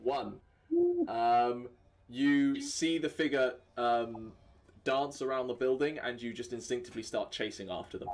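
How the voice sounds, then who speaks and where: Relaxed male game master narrating. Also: medium pitch, unhurried, a little hiss or hum. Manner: relaxed, chuckling narration with fillers.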